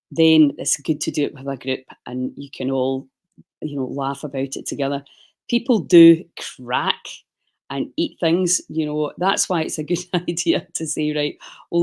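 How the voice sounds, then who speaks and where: A middle-aged woman giving casual, rambling livestream advice as a fasting and wellness coach, often correcting herself mid-sentence. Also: low-pitched, darkish tone. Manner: chatty, rambling, self-correcting.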